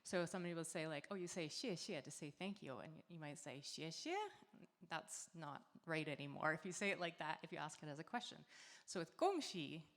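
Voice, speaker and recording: A woman's voice: low-pitched, fairly quick. Woman chatting to a crowd in a hall. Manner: relaxed, friendly, with filler words and light laughs. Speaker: singer and performer. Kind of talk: chatty stage introduction to an audience. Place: large hall at a community celebration. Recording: live hall sound with long reverb.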